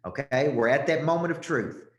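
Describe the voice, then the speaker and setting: A man's voice: medium pitch, normal speed, muffled recording. A middle-aged man from Tennessee, coaching a live audience on sales closes in a punchy, emphatic way, checking in often with "okay?". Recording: echoey room.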